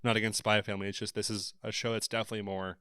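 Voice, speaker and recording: Measured man, argumentative podcast co-host. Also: on the low side, little pitch movement, bright, forceful tone, clear, resonant tone, dry recording, clean studio sound. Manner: measured, argumentative, hedging with restarts. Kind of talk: casual chat.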